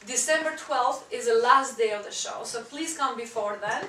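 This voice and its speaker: A woman interviewing a cast after a show, effusive and quick to laugh. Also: fairly high pitch, sharp tone. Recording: roomy, from far off, light noise.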